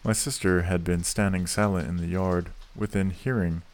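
A man reading a classic novel aloud as an audiobook narrator, measured and unhurried. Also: low-pitched, steady tone.

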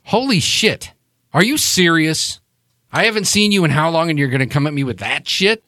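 A man voicing a gruff, foul-mouthed older woman with a bad knee in a tabletop game, brusque and scolding, pitched higher than his own voice. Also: expressive, normal speed, fairly bright tone, dry recording, studio quality. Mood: heated.

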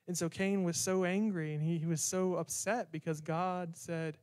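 A man's voice: fairly high pitch, steady tone, normal speed, few pauses, a little mellow, no echo, studio quality. A man giving a casual, conversational sermon with a sarcastic, chatty manner. He often repeats words as he thinks. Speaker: preacher.

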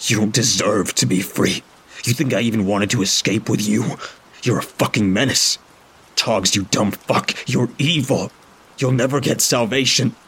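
A man voicing a desperate, angry male prisoner who shouts in fury. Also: on the low side, moderate pace, breathy edge, voice pushed up. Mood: furious. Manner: shouting, furious.

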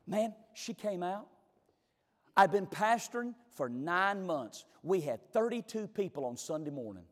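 A man's voice: high voice, big pitch swings, a little slow, big-room sound. A male pastor preaching a sermon through emphatic, heartfelt storytelling.

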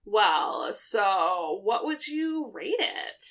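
Bright-voiced chatty woman. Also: medium pitch, very animated, drawn-out words, creaky. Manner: chatty, laughs often, trailing fillers. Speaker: book podcast co-host. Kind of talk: casual chat.

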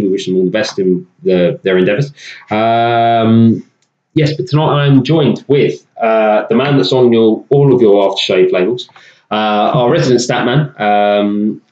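A man's voice: lowish voice, darkish tone. A man hosting a casual podcast, rambling with lots of fillers and restarts. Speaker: podcast host. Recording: echoey room, dull lo-fi sound.

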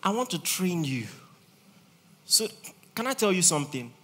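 Man, pastor, sermon, animated, teasing, high-pitched voice. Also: moderate pace, a little hiss or hum. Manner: animated preaching with big swings in loudness, teasing, laughing.

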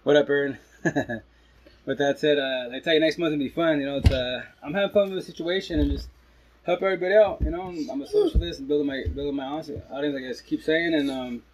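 A man livestreams casually from home on his phone, chatting with his followers as a father. His voice is fairly high, quick and a little mellow; he rambles, restarts sentences and sometimes slips in Spanish words. The recording is rough, with slight background noise.

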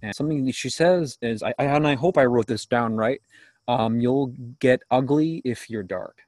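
A man hosting a casual podcast interview, phrasing his questions hesitantly and haltingly. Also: medium pitch, darkish tone, dry recording.

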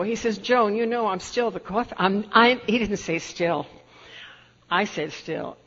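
Speaking at a moderate pace with a medium, slightly bright voice, this older New Yorker shares personal stories at an Al-Anon meeting and laughs as she goes. The hall recording is dull and lo-fi, carrying faint room noise.

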